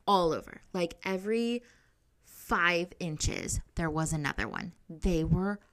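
A woman's voice: lowish voice, slow pace, fairly bright tone. A young adult woman hosting a podcast, telling a story in a casual, rambling way, full of filler words and frequent swearing. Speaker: podcast host.

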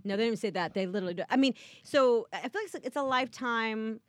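A woman's voice: fairly high pitch, fast, no room sound. A woman in her thirties, a mother, telling comedic stories in casual chat, acting out quotes with self-deprecating humor. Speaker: guest, mother.

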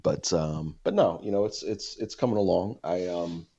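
Young male podcast host, very low voice, rambling, profane storytelling, dry lo-fi sound. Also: normal speed, vocal fry, warm tone, husky, no echo. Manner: rambling, profane, many fillers and restarts. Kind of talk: casual storytelling chat.

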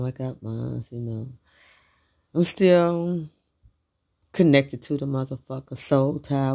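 A woman's voice: deep voice, gravelly. A middle-aged woman venting in a blunt, profane, repetitive monologue about her husband. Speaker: vlogger.

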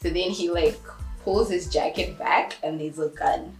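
A woman's voice: a little slow, echoey room, soft background music. A young woman casually telling a story, acting out the voices of everyone in it and laughing as she goes. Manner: animated, acts out quotes with big pitch jumps and laughs. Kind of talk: casual anecdote.

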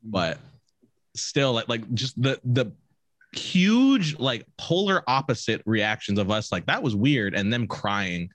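A man's voice: mid-range voice, big pitch swings, slow pace, a bit bright, dry recording. A young man casually telling a rambling, profane story with many restarts and bursts of laughter. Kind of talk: casual chat.

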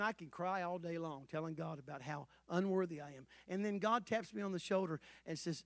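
A man preaching a sermon as pastor in a church, swinging between shouted calls and soft low asides, asking the congregation questions and calling for responses. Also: fast, few pauses, dry recording. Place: church sanctuary.

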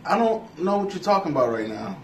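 A man co-hosting a casual podcast, telling a story slowly and laughing as he goes. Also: high-pitched, sing-song, a little hiss or hum. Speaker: podcast co-host.

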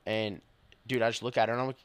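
Young male cop, podcast co-host. Animated storyteller, curses freely, dry close sound. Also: mid-range voice, quick pace, clean tone, no echo. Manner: animated, swearing, laughing while telling stories. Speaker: police officer, podcast co-host. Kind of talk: casual storytelling chat.

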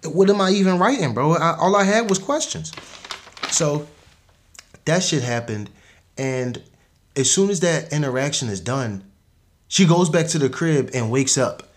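A man's voice: on the high side, lively intonation, measured pace, pauses often. A man hosting a podcast, recapping a movie in casual slang, rambling with frequent restarts and laughs. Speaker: podcast host.

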